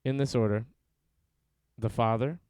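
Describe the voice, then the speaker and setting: A man's voice: medium pitch, steady tone, measured pace, darkish tone, smooth, dry recording. A man co-hosting a casual podcast, reading film synopses aloud with dry, sarcastic asides between them. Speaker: podcast co-host.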